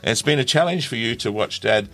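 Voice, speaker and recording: A man's voice: medium pitch, lively intonation, fast, pushed and bright. A man hosting a casual interview, jovial and laughing often as he leads laughing exercises. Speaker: host.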